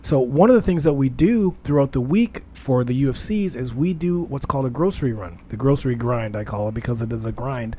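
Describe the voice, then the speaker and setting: A man's voice: medium pitch, expressive, a little fast, hardly any pauses, mellow. A man hosting a casual fitness podcast, telling stories animatedly and swearing freely. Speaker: podcast host. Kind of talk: casual chat. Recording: faint background noise.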